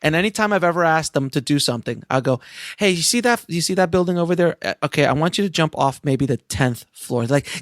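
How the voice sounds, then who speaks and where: A man hosting a casual interview, chatty and quick to laugh, with jokey asides. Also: a little high, lively intonation, no room sound, studio quality. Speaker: podcast host.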